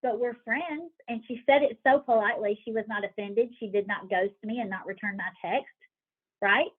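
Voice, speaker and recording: A woman leading a motivational team call, talking lively, acting out worried inner voices and asking her group questions over a call line. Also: a little high, husky. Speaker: team leader coaching a sales team. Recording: tinny phone-like call audio.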